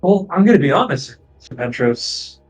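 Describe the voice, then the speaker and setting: A man's voice: fairly high pitch, sing-song, normal speed, slightly rough, faint music behind, voice pushed up, rough recording. A man voicing a big, blunt hooved warrior in a tabletop game, bargaining insistently. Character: brash young half-giant man with hooves.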